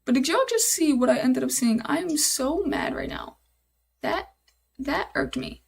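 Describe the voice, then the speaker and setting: A woman's voice: high-pitched, expressive, unhurried, vocal fry. A young woman live-streaming while she codes, thinking aloud, repeating herself, and talking to her chat in casual, easily exasperated chatter.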